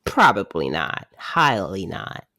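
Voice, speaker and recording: A woman podcast host recaps a TV episode in a relaxed, chatty way, full of wry asides and "like." She talks at an unhurried, slow pace. Her voice sounds dry and close, with no room echo. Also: rumbling low. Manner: chatty, wry, says "like" often. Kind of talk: casual drama recap commentary.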